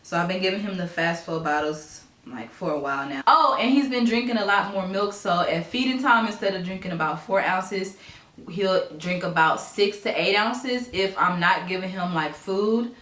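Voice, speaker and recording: Chatty young mom, bright and echoey. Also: female voice, moderate pace. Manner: chatty, switches to high sing-song baby talk. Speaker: mom vlogger. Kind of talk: casual chat to camera. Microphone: camera mic.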